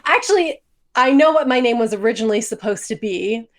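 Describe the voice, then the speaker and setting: A woman co-hosting a podcast who chats casually, laughs easily, and chimes in with quick agreement. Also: on the high side, animated. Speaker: podcast co-host. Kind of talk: casual chat.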